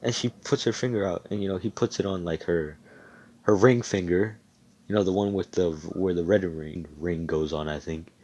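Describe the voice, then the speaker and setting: Guy with a lowish voice rambling through a fan story, swears constantly, gets hyped, computer mic. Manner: rambling, profane, excitable. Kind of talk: casual fan-fiction storytelling. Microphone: computer mic on voice chat.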